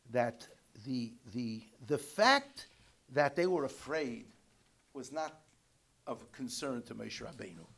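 A man teaching Torah commentary, chanting Hebrew quotes in an Ashkenazi Hebrew pronunciation and explaining them haltingly in English. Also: on the high side, creaky. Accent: Yiddish-inflected Ashkenazi Hebrew pronunciation.

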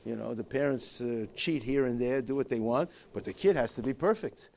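Gravelly man giving a halting Torah lecture. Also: mid-range voice, a little mellow, a little hiss or hum. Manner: halting, with many repeated restarts; mixes Hebrew and Yiddish terms into English. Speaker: rabbi teaching a Torah class.

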